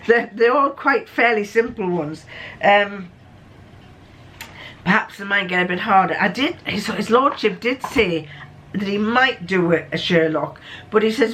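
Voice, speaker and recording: A woman's voice: medium pitch, lively intonation, a little slow, fairly bright tone. A woman vlogger with a sore throat from a cold, chatting casually and rambling a little. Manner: chatty, rambling, with small restarts. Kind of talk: casual vlog chat and reading aloud.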